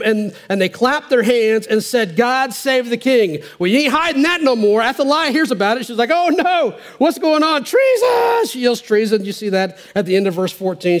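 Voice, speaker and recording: A pastor preaching a sermon, reading scripture aloud and commenting on it with animated emphasis. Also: male voice, sits high.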